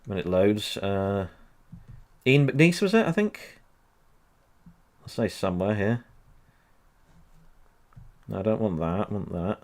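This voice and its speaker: A man's voice: lowish voice, expressive, slow, long pauses. Rambling man chatting on a livestream. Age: 30s. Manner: rambling with many ums, laughs often. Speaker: history channel host. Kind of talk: casual livestream chat.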